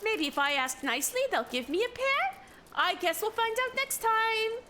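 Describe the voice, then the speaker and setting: A woman's voice: very high-pitched, lively intonation, normal speed, a little hiss or hum, pitched above the performer's own voice, exaggerated voice. A woman doing a sweet, cutesy young adventurer. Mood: curious. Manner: sweet, sing-song cutesy voice. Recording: loud game music behind.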